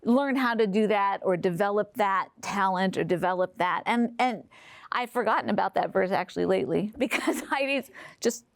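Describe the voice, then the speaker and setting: A middle-aged woman speaks in an interview, pausing often and filling gaps with small hesitations. Her voice sits at an ordinary pitch for a woman. The sound is close and dry, with no room around it. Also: vocal fry, no echo. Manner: hesitant, many pauses and fillers. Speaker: interviewee, mother of the guest. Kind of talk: personal interview.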